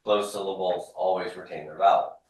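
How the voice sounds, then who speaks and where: A man with a somewhat low voice teaches a class, explaining step by step and drilling forms aloud. He is heard from across a very echoey room. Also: fairly even intonation, a little fast, distant mic. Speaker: Hebrew instructor. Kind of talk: classroom lecture.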